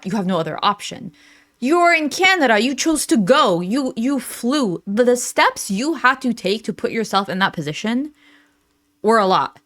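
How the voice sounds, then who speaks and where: A young woman giving casual reaction commentary in a blunt, sarcastic, animated way. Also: on the low side.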